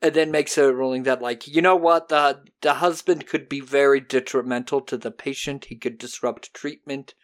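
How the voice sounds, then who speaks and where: A casual podcast host with a mid-pitched voice gives a lively recap, slipping into quick put-on character voices. The retelling is animated, and he swears freely throughout.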